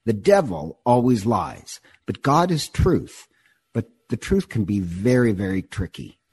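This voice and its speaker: Husky low-voiced man telling stories. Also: unhurried. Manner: animated, digressive, repeats words as he goes. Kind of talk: casual conversational storytelling.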